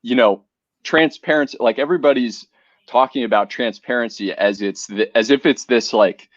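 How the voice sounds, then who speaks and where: A man's voice: mid-range voice, normal speed, dry recording, dull audio. A man, a whiskey brand co-founder, chatting animatedly as a guest in an interview, often restarting and repeating words. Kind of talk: casual conversational interview.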